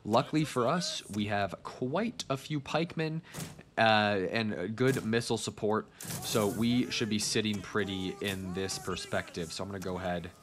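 A man's voice: on the low side, normal speed, noisy background. A man giving casual gameplay commentary as a video host, chatting straight to his viewers.

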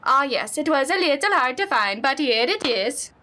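A woman's voice: high voice, sing-song, normal speed, bright, forceful tone, heavily acted. A woman voicing a kindly older female neighbor in a game, polite and sweet, with a Minnesotan accent.

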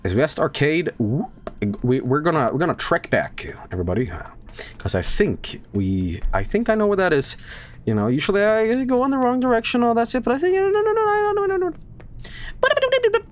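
A man's voice: fairly high pitch, fairly quick. A man in his thirties giving casual, jokey commentary while streaming a horror game. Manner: animated, jokey, breaks into silly sung bits.

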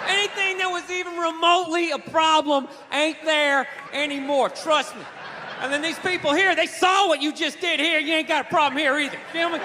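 Man doing a loud, high Southern redneck gun nut; echoing hall, noisy crowd. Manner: shouting, drawling, trailing off. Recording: live stand-up, roomy hall, loud crowd.

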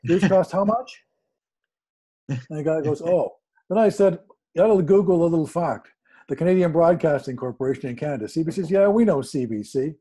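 A man telling a story in a casual, animated way, acting out quoted dialogue with sudden jumps in pitch. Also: fast, husky. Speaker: guest speaker.

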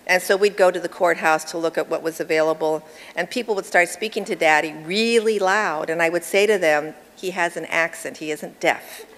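Middle-aged woman, award acceptance speech at a banquet, low voice, long hall reverb, crowd murmur. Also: fairly even intonation, normal speed, few pauses.

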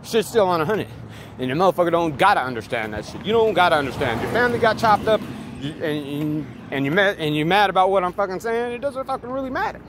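A man's voice: high voice, expressive, fast talker. A man giving a rambling, profane, emphatic monologue outdoors near traffic. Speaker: vlogger. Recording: loud street and vehicle noise.

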